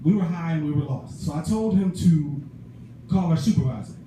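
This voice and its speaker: Animated male stand-up comic in echoey club. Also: on the high side, brisk. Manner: animated storytelling, acts out friends' voices. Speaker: stand-up comedian. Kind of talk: stand-up comedy set. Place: small comedy club stage. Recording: echoey room, far mic, noisy.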